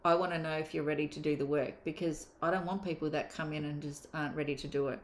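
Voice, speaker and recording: A woman's voice: low voice, steady tone, fast, a little hiss or hum. A woman, a mindset coach giving a candid, emphatic motivational course talk and swearing casually. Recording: roomy echo.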